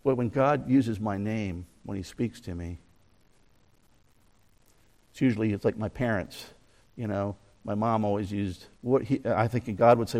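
A man preaching a conversational sermon outdoors near a mountain, asking his listeners questions and moving between soft asides and raised emphasis. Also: on the high side, lively intonation, brisk, creaky. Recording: long reverb.

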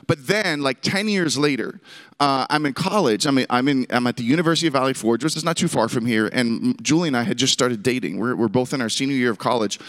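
A man in his thirties from Pittsburgh, telling a humorous personal story to a camp audience in an animated, self-deprecating way with call-and-response. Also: medium pitch, quick pace. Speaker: camp speaker. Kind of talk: storytelling sermon.

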